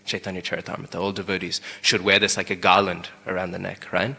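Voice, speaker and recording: Young man, low bright voice, casual scripture class, reverberant temple hall. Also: flat delivery, fast, vocal fry, breathy edge. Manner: conversational, keeps asking "right?". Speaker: class speaker.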